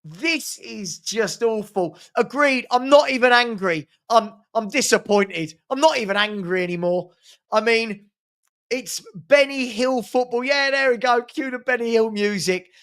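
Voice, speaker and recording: A man's voice: very high voice, moderate pace, a bit bright, smooth. A man from hosting a live fan watchalong, calling a match with sarcastic exasperation and rueful laughter.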